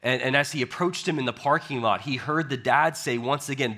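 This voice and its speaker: A man's voice: mid-range voice, animated, normal speed, hardly any pauses, sharp tone. A man preaching a sermon as pastor, telling a story in a conversational way and often repeating words. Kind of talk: sermon with opening prayer.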